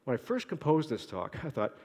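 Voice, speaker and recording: A middle-aged man from Boston giving an academic conference lecture, quick-talking with restarts and wry asides to himself. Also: mid-range voice, sing-song, a little mellow. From Boston, United States. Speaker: conference speaker, archaeologist. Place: lecture hall. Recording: long hall reverb.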